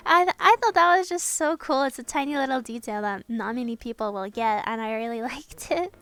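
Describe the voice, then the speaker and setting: A young woman chatting casually in a voiceover, an excitable fan gushing about a film, swearing now and then. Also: on the high side, a little fast, no room sound. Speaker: artist narrating a speedpaint. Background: soft background music.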